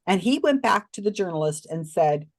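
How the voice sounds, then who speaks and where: A woman guest on a podcast, telling a story expressively with many restarts and asides. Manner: expressive, swings pitch widely when recounting others; talks in quick restarts and asides. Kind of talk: animated storytelling in a casual interview.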